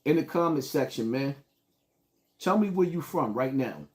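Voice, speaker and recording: This medium-pitched, expressive voice belongs to a man from the Bronx, New York, moving at a moderate pace with a slightly mellow quality. He's doing casual livestream talk, hyped and shouting out viewers by their locations.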